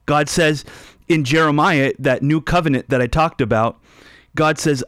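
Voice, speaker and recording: A man's voice: a little high, moderate pace, a bit bright, smooth, dry recording, clean studio sound. A man hosting a radio Bible teaching show with callers, speaking emphatically and repeating key phrases for stress.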